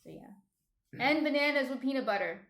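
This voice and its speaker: A woman with a New Jersey accent hosting a casual live cooking stream from home, chatty and quick to laugh as she reads out chat messages. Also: sits high, animated, fairly bright tone. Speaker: stream host, baker. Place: home apartment. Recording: roomy echo.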